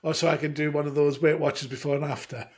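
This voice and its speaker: A man's voice: fairly high pitch, little pitch movement, fast talker, slight background noise. A man co-hosting a podcast in casual chat, teasing with dry jokes. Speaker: podcast co-host.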